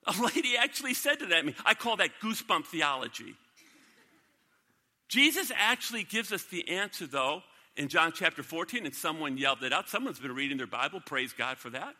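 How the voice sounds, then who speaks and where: A man's voice: a little high, very animated, moderate pace, sharp tone. A male pastor preaching a sermon in a church, emphatic, repeating key lines and putting questions to the congregation. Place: church sanctuary. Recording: long reverb of a large hall.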